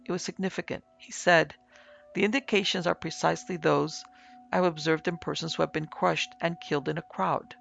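A man voicing an excitable, irritable big Frenchman with agitated, exclamatory speech in an audiobook reading. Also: on the high side, a little fast, vocal fry, slight background noise.

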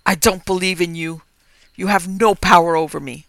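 Brief: anguished, panicked man in a horror tale, loud and cracking, voiced by the narrator. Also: sits high, moderate pace, creaky, dry recording, heavily acted. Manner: strained and anguished. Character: tormented, terrified man.

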